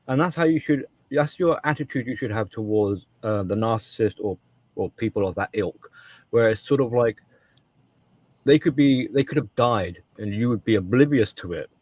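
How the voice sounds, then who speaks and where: A man's voice: medium pitch, darkish tone, no echo. A man co-hosting a casual podcast discussion, talking emphatically and often restarting and repeating his words. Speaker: co-host.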